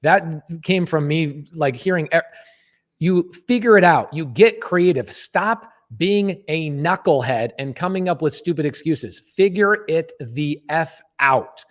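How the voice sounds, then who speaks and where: A man's voice: a little high, lively intonation, a little slow. A man hosting a podcast, telling a story in a blunt, emphatic way and swearing freely. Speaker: podcast host. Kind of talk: casual storytelling.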